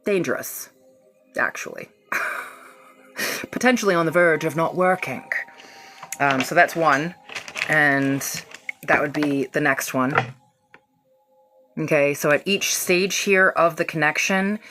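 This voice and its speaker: A low-pitched woman leads a casual reiki healing livestream, gushing affection at her viewers and cursing freely as she goes. Soft music plays faintly in the background. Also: takes it slowly, pauses often. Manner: effusive, affectionate and swearing freely. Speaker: reiki practitioner hosting a livestream.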